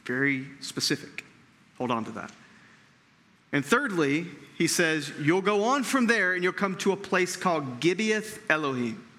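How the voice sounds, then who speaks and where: A man's voice: fairly high pitch, sing-song, measured pace, bright, forceful tone, big-room sound. A man preaching a sermon in a conversational way, checking in with his listeners and often repeating words as he thinks. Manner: conversational preaching with frequent check-ins to the audience. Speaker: pastor.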